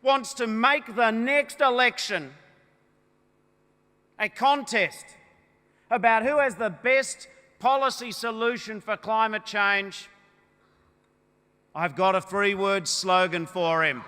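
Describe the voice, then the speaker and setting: A man's voice: high-pitched, slow pace, pauses often, clean tone. Australian man's ringing conference-hall speech. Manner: emphatic oratory that swells to loud, punchy declarations. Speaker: political party leader. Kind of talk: rousing political conference speech. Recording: echoey hall with long reverb.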